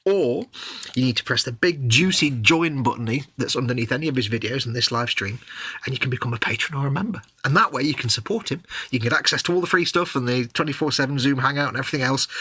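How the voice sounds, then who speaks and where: A man chatting on a live stream, joking and teasing his co-host. His voice is bright and forward with a husky edge. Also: medium pitch, quick pace. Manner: jokey, teasing, goes off on silly tangents. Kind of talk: casual chat on a live stream.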